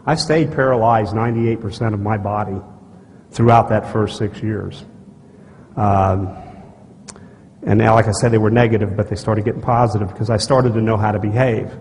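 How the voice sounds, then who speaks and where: A man giving a live conference talk, telling a personal story in a blunt, folksy way, acting out dialogue and often clearing his throat. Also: on the low side, moderate pace. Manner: animated storyteller who acts out dialogue and gestures; blunt and folksy, with frequent asides to the audience. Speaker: speaker at a conference. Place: stage in a large conference hall. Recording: archival talk, echoey hall, faint noise.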